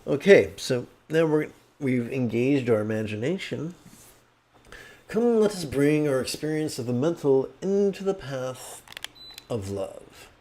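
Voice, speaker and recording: A man, a meditation teacher, guiding a meditation with monotone mantra chanting and relaxed, joking asides. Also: medium pitch, measured pace.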